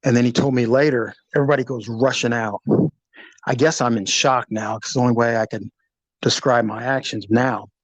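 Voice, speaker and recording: A middle-aged man, a former police officer, telling a personal story in an animated, vivid way, acting out the sounds. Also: mid-range voice, a little fast, dry recording, poor audio. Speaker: retired police officer recounting a shooting. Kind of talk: storytelling in an interview.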